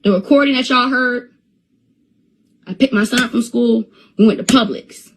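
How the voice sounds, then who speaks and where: A woman's voice: a little high, normal speed, noisy background. A young woman on a phone live stream, talking in an agitated rant that stammers and repeats itself.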